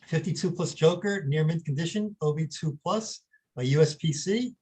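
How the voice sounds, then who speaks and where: Man, panelist, reads aloud, matter-of-fact, high pitch, husky. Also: moderate pace, dark tone, low-quality recording. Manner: plain, matter-of-fact reading. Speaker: panelist reading lot descriptions. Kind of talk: reading aloud, casual panel chat.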